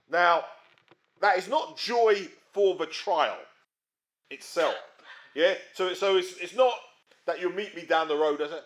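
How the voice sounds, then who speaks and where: A man preaching a sermon in a conversational way, often checking in with his listeners and swinging between emphatic rises and quiet drops. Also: high-pitched, measured pace, long pauses. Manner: conversational, frequent tag questions.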